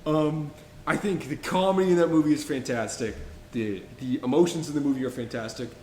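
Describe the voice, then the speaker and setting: A man's voice: fairly high pitch, fairly quick, darkish tone, a little hiss or hum. Enthusiastic young man in an echoey room. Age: young adult. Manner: enthusiastic, rambling with restarts. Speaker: podcast co-host. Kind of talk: casual film-review chat.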